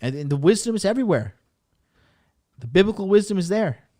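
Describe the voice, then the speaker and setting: A man's voice: sits high, very animated, fairly quick, warm tone, dry recording, clean studio sound. A man hosting a podcast, giving a profane, emphatic motivational rant that hammers the same points over and over. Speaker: podcast host and dating coach.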